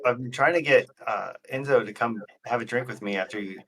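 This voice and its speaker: A man's voice: medium pitch, fairly quick, a bit bright, a little hiss or hum. A man playing a tabletop game, talking in a rambling, hesitant way. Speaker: player.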